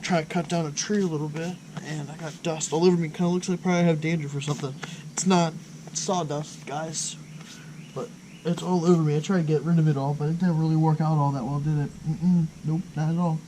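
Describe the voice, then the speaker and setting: A man's voice: a little high, steady tone, quick pace, noisy background. A man chatting to his viewers while he works on his scooter outdoors, thinking aloud and poking fun at himself. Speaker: motorbike build vlogger. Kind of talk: casual talk while working on a scooter. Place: outdoors in hot weather.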